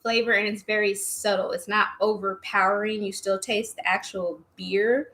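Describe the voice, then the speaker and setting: A woman co-hosting a casual beer tasting chat, blunt, swearing freely and animated. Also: medium pitch, moderate pace. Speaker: co-host of a beer tasting stream.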